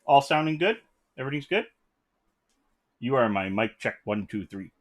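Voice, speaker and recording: A man's voice: mid-range voice, lively intonation, moderate pace. Chatty male livestream host. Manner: rambling, chatty, greets viewers. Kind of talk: casual live chat. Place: home room. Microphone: desk mic.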